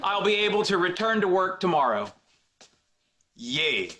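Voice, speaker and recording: A man's voice: sits high, sing-song, a little slow. An actor playing a fussy, self-absorbed man back from a cold, chipper and oblivious, in a sitcom scene. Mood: smug chipper. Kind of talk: sitcom acting. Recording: noisy clip played over a call.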